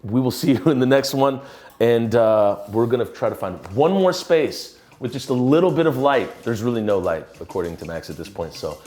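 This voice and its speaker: A musician talking casually about a song he is writing, rambling and relaxed with many restarts. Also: mid-range voice, moderate pace. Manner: swears casually. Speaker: musician and songwriter.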